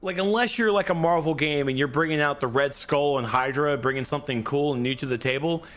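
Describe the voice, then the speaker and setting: A man co-hosting a casual gaming talk show, jokey and animated, laughing a lot. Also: fairly high pitch, a little fast. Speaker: podcast co-host.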